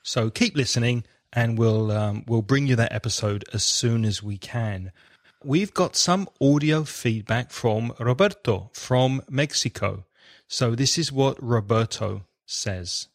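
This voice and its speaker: Measured male podcast co-host, dry sound. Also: medium pitch, no echo. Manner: friendly, measured, clearly enunciated. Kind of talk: conversational podcast chat.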